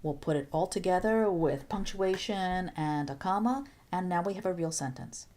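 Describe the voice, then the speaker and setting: A woman Spanish teacher explaining grammar step by step in a recorded video lesson, patient and clear with playful asides. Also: fairly low pitch, animated, moderate pace, a little mellow.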